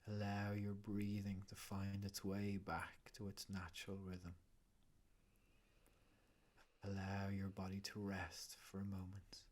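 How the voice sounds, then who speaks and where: Low, slow, calm man. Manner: soft, calm, half-whispered guiding voice. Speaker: breathwork facilitator, guest. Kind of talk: guided breathing meditation and chat.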